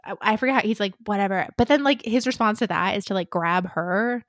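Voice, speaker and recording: A woman's voice: medium pitch, a little fast, no echo, studio quality. A woman co-hosting a casual podcast, making wry, sarcastic remarks and reading quotes from her notes. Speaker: podcast co-host. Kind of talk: casual chat recapping a book.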